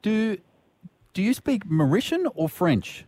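A man's voice: high-pitched, sing-song, darkish tone. A man with an Australian accent co-hosting a radio show, playful and jokey in casual banter. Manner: playful, jokey, quick to do voices. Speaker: radio co-host. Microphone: studio microphone.

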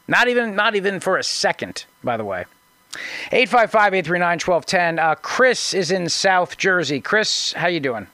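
Sarcastic talk radio host, dry sound. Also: male voice, high-pitched, sharp tone, dry recording. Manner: sarcastic, mocking, restarts often. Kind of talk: conservative talk radio commentary.

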